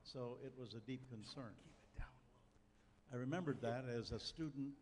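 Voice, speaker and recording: A man's voice: mid-range voice, normal speed, a little mellow, slight background noise. An older man preaching a sermon, telling a personal story in a folksy way with dry humor. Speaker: pastor. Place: church sanctuary. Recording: long church hall reverb, faint ambience.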